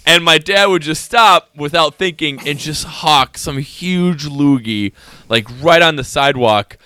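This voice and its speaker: Guy on a podcast, bright voice, dry close sound, rambles with lots of likes. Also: on the high side, unhurried, smooth, dry recording. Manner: rambling storyteller, many "like" fillers. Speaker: podcast co-host. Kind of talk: casual chat.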